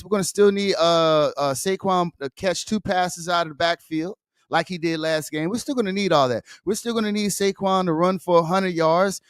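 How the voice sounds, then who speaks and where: A man with a noticeably high voice ranting about sports as a podcast host. He talks casually and heatedly, swears freely and circles back on his words. The sound is dry and close, with no room around it. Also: no echo. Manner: heated, profane, repeats himself.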